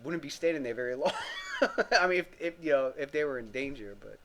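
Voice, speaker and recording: A man's voice: medium pitch, animated, fairly quick, fairly bright tone, a little hiss or hum. A man running a tabletop game as game master, explaining scenes loosely with lots of fillers and laughter.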